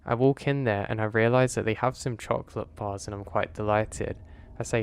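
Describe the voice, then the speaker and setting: Low-voiced man telling a horror story. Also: fairly even intonation, moderate pace, clear, resonant tone. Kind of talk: first-person horror story narration.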